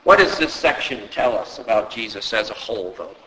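A man preaching a sermon, often asking rhetorical questions and rising sharply in pitch for emphasis. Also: animated, brisk, bright, forceful tone, big-room sound, poor audio. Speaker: pastor.

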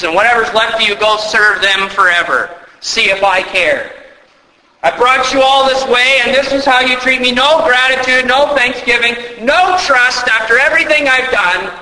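A man's voice: very high-pitched, bright, forceful tone, pitched above the performer's own voice, heavily acted. A male preacher voicing an exasperated, resentful man who scolds sarcastically. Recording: echoey hall.

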